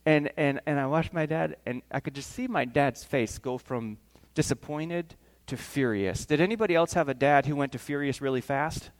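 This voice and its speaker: An animated male pastor with a high voice, telling stories from the pulpit. He acts out the voices of the people in his stories and asks the congregation questions as he goes. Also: moderate pace. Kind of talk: sermon with storytelling.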